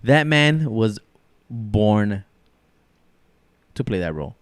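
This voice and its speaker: A man co-hosting a podcast in casual banter, excitable and swearing freely. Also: lowish voice, slow, no room sound. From Mexican family, from Durango. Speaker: podcast co-host.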